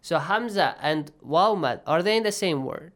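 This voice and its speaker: A man's voice: fairly high pitch, lively intonation, normal speed, a bit bright. A man teaching Quran recitation rules, patiently quizzing his students by name and slipping into recitation. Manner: switches into Arabic recitation. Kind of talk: online tajweed lesson.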